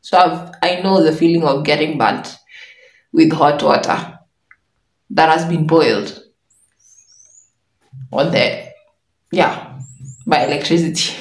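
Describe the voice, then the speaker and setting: A young woman vlogger telling a personal story in an animated way, laughing often as she goes. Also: sits low, takes it slowly, pauses often, distant mic. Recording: echoey room.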